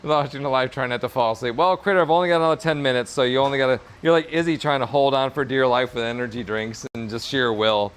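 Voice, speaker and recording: A man's voice: mid-range voice, steady tone, fast talker, hardly any pauses, a bit bright, smooth. A man chatting casually on a livestream while working on leather in his workshop, upbeat and encouraging, rambling with fillers. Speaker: streamer and leather crafter.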